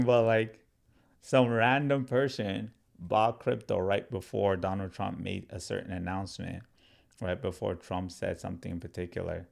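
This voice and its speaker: A man's voice: lowish voice, flat delivery, normal speed, vocal fry. A man hosting a casual livestream as a crypto educator, talking loosely to his viewers with lots of "like" and "right?". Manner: loose and chatty, full of "like" and "right?"; talks straight to viewers, reads comments aloud. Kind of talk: casual livestream talk to chat.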